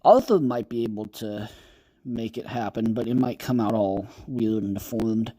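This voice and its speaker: A man's voice: lowish voice, moderate pace, warm tone. Rambling, foul-mouthed young man. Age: around 20. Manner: rambling, profane, joking. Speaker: podcast host reading creepypastas on a livestream. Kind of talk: casual livestream chat.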